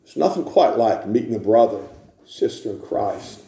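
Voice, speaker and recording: A man preaching a sermon in a church, building to repeated shouted refrains. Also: lowish voice, expressive, moderate pace, reverberant.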